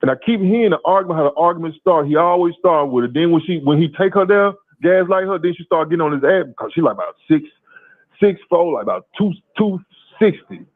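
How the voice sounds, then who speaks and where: Guy calling in, kinda high voice, swears a lot, stutters on words, sounds like a cheap phone line. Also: fast. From Louisiana, USA. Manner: animated, profane, stammering repeats. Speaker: caller. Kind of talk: casual call-in storytelling. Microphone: phone call.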